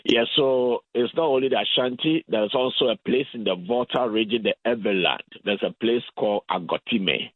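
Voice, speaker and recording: A man from Ghana, a guest in an interview, explaining his points in a measured way and often repeating words. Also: medium pitch, breathy edge, no echo. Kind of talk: interview over the phone. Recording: tinny phone line.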